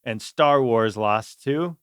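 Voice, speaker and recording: A man's voice: mid-range voice, takes it slowly, fairly bright tone, clear, resonant tone, dry recording, clean studio sound. A young man co-hosting a podcast in casual chat, laid-back and full of movie trivia, with many "like"s and "yeah"s. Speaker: podcast co-host.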